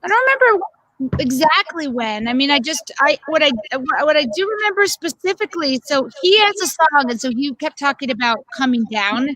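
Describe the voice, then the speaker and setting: A woman on a video call, talking in a heartfelt, halting way with frequent restarts. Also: high-pitched, expressive, pushed and bright, no echo, rough recording. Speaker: guest. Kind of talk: casual chat on a video call.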